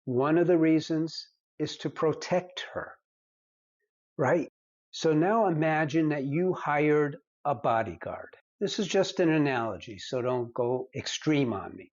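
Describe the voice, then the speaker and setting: A man's voice: on the high side, unhurried, darkish tone, highs cut off. A man giving marriage advice straight to the camera, lecturing in an earnest, emphatic way. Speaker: marriage counselor. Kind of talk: direct-to-camera advice talk.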